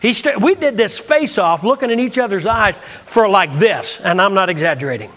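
A man's voice: high voice, expressive, moderate pace, a bit bright, big-room sound. A man preaching a sermon from the United States, telling a story and acting out the dialogue.

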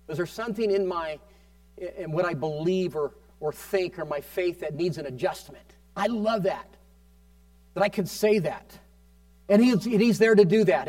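High-voiced fervent male preacher. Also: fairly quick, darkish tone, no room sound, recorded from a distance. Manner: fervent preaching, prompting "Amen?". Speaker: pastor. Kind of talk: sermon.

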